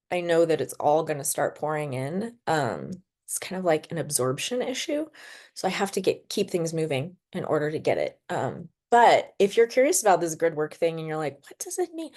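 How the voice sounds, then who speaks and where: A woman hosting a spiritual podcast, telling stories in a chatty way full of fillers and quick laughs. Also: lowish voice, darkish tone. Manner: chatty storyteller, filler-heavy, laughs often. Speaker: podcast host. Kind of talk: casual spiritual podcast monologue.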